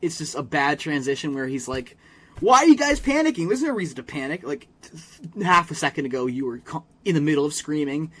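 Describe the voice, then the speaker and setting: A man's voice: on the high side, a little fast, a bit bright, husky. A man co-hosting a podcast, casually recapping a cartoon episode and acting out the characters' lines in an exaggerated way, with plenty of swearing. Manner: recaps scenes with exaggerated quoted voices, profane. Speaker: podcast co-host.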